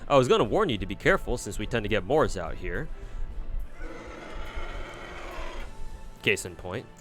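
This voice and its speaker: A man's voice: on the low side, sing-song, quick pace, a bit bright, faint music behind. A man voicing a confident, friendly young knight who coaches and encourages, in his own normal voice while reading a game aloud. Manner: earnest, coaching, tacks on a catchphrase.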